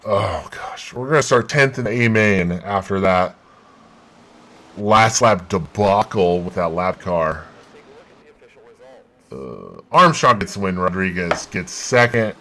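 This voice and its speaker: Gamer guy calling his own race, bright voice, kinda low, gets super excitable. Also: takes it slowly, pauses often, poor audio. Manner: excitable, bursts into loud exclamations. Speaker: gaming channel host. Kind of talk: live play-by-play of a racing game.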